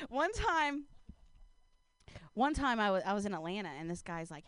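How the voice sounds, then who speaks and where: A woman's voice: medium pitch, sing-song, slow, long pauses, fairly bright tone, no echo. A woman telling a rambling stand-up story, laughing often and filling her talk with "like". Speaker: stand-up comedian.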